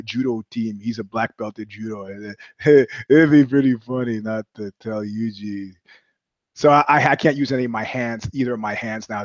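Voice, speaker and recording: A man's voice: fairly high pitch, dry recording, highs cut off. A man hosting a podcast, ranting about fights in a profane, rambling way and acting out quoted conversations. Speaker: podcast host. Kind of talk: casual rant.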